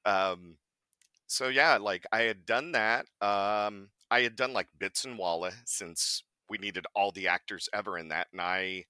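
A man's voice: lowish voice, measured pace, clear, resonant tone, dry recording. A man, a voice actor guest, telling stories in a casual podcast chat, acting out quotes and laughing often. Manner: animated storyteller, acts out quotes, laughs often.

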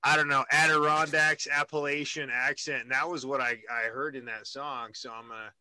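Bright, rambling male host. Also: medium pitch, level tone, a little fast, dry recording. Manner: rambling, jokey, many restarts. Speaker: radio host. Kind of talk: casual interview chat.

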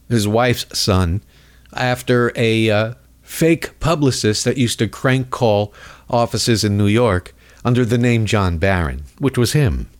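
A man's voice: medium pitch, a little mellow. A man hosting a comedic political rant in a mocking, rambling way. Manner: mocking, rambling, jumps into voices. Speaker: host.

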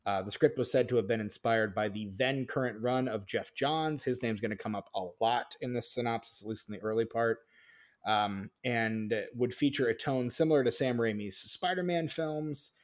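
A man's voice: medium pitch, moderate pace. Rambling man hosting a film podcast. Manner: rambling, filler-heavy, reads notes. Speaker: podcast host. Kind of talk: casual film podcast chat.

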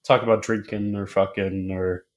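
A man co-hosting a podcast in casual chat, halting and repeating filler words as he thinks aloud. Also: fairly low pitch, level tone, highs cut off. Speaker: podcast co-host.

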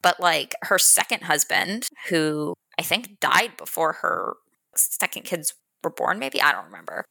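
A woman co-hosting a romance book podcast, casually retelling funny scenes in an animated way. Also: low-pitched, measured pace, creaky, dry recording, clean studio sound. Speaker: podcast co-host.

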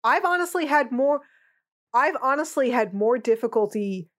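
A woman's voice: high voice, expressive, normal speed, fairly bright tone. A woman co-hosting a podcast in casual chat, outspoken and blunt in her opinions. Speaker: podcast co-host.

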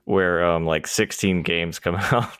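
A man with a fairly low voice talks on a podcast with strong opinions, getting animated and swearing casually. The recording is dry and close. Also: unhurried, smooth, no echo. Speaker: podcast co-host. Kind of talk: casual chat.

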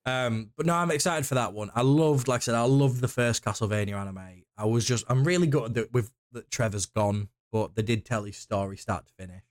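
Excitable casual male podcast co-host. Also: mid-range voice, a little fast, hardly any pauses. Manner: excitable, rambling, swears casually. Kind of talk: casual chat.

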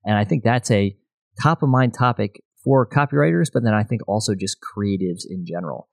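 A man hosting a podcast in casual chat, relaxed and saying "you know" often. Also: fairly low pitch, a little fast, vocal fry, dry recording. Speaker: podcast host.

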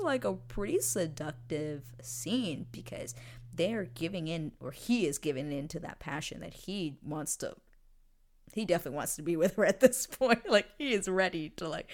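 A woman hosting a casual recap, acting out quoted lines in an animated way with frequent laughs and dips into whispers. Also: fairly low pitch. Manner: animated, lots of likes and laughs, slips into whispers. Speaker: podcast host recapping a TV episode.

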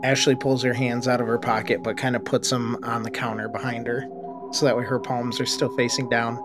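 A man narrating as game master of a tabletop role-play, brisk and casual, swearing offhandedly. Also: mid-range voice, level tone, over music.

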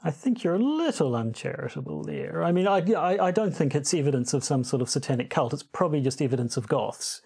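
A man's voice: a little high, animated, fast, creaky, few pauses, darkish tone, slightly rough. A man with a New Zealand accent, co-hosting a podcast in casual, playful banter with hesitant restarts. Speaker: podcast co-host. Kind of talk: casual comedic chat.

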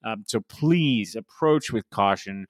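Man in his 40s, podcast host, rambling chatty asides, animated pitch, dry sound. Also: slow pace, no room sound. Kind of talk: casual podcast chat.

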